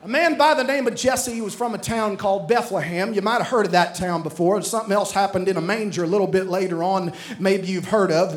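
High-voiced preacher telling a story. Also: male voice. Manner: storytelling, acting out dialogue, calls to congregation. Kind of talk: sermon.

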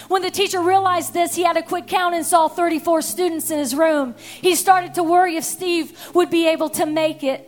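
A woman preaching a sermon, telling an illustration story in an earnest way before moving into direct preaching. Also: extremely high pitch.

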